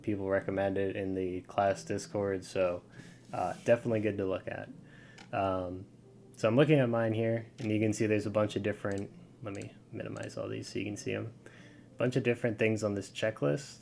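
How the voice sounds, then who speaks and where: A man's voice: on the low side, a little mellow, slight background noise. A man giving a casual screen-share tutorial, talking loosely with lots of fillers over his screen. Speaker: video game guide creator.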